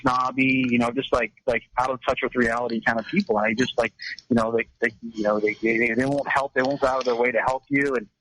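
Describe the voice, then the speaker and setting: Fast, bright-voiced chatty man. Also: medium pitch, flat delivery, poor audio. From California. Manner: chatty, lots of restarts and laughs. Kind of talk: casual radio talk show chat.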